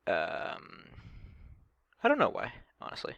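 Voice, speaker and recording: A man's voice: mid-range voice, wildly swooping pitch, takes it slowly, vocal fry, a bit bright, dull audio. A man casually commenting on a video in a hesitant way, with many ums and restarts. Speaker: reaction video host.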